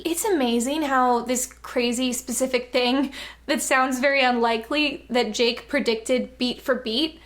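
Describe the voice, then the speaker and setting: A woman's voice: high voice, fairly even intonation, unhurried, a bit bright. A woman reading a novel aloud and breaking in with sarcastic, amused comments.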